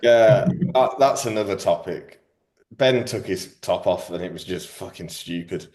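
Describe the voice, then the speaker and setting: This podcast host's voice sits low and is a little mellow, and he takes his time speaking. He keeps the conversation casual, joking around with heavy banter and plenty of slang.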